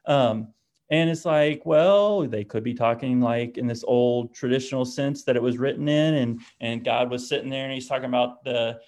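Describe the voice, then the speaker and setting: A man's voice: medium pitch, moderate pace, a little mellow. Casual man giving a church talk. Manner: casual, restarts often, tags lines with "right?". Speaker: speaker on disability theology.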